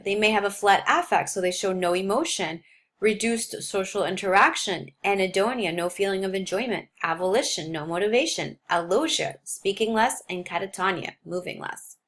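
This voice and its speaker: A woman's voice: mid-range voice, fairly bright tone. A woman who teaches nursing, lecturing on a topic and mixing in stories from her own clinical work, with frequent fillers. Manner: explains with personal clinical stories, many fillers. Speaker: nursing instructor.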